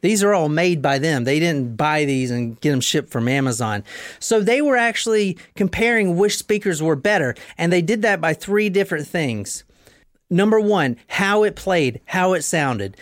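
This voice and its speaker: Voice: medium pitch, expressive, normal speed, dry recording, studio quality. A podcast host explaining history in a casual, emphatic storytelling way, now and then swearing.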